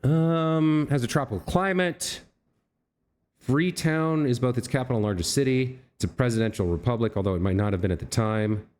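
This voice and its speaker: In a let's play, a man thinks out loud about a puzzle, backtracking on his own ideas and speaking to the figures on screen. He has a mid-range, somewhat mellow voice at a normal speed.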